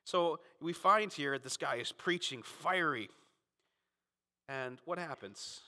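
Brief: emphatic preacher man, a touch high, forceful and bright, long reverb of a sanctuary. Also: slow. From Florida, US. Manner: emphatic, rising to fervent peaks then dropping low. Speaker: pastor. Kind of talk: sermon.

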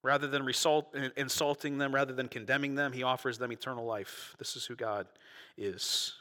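A man preaching a sermon as a pastor, moving between quiet asides and loud, animated bursts. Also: medium pitch, fairly quick, in a large hall.

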